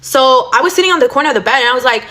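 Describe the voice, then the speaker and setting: A young woman rattles off a storytime rant at a brisk clip, her voice sitting a little high. She is blunt and swears freely, packing every sentence with "like" and "you know". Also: animated, sharp tone. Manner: blunt and profane, full of fillers like "like" and "you know". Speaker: storytime vlogger.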